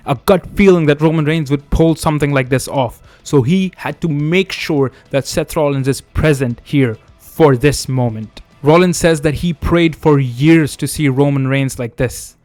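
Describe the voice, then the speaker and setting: A man hosting a wrestling video, narrating a made-up storyline in a steady storytelling way. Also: on the high side, no room sound. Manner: steady storytelling, reads quotes in his own voice. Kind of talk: fantasy booking narration.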